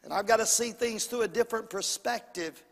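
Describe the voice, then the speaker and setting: A man preaching a sermon as pastor, calling out to the congregation and rising to shouts at the peaks. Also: high voice, brisk, gravelly. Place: church sanctuary. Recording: long hall reverb.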